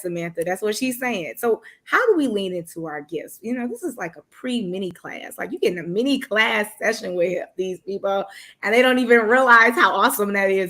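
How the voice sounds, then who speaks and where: A woman's voice: mid-range voice, fairly bright tone. A woman hosting a virtual summit interview, enthusiastic and hyping up her guest on a video call. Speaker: host.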